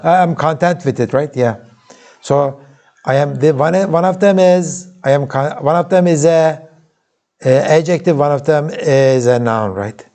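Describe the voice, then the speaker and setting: A man with a Turkish accent, a native Turkish speaker, giving a university lecture in English. He keeps checking in with the class with "okay?" and "right?" and pauses often on filler sounds. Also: a little high, dark tone. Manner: halting, with many filler sounds and restarts.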